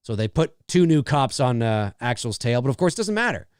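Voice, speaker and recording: A man's voice: mid-range voice, big pitch swings, a little fast, smooth, no echo, studio quality. A middle-aged man hosting a casual live movie commentary, chatty and laughing often as he talks over the film.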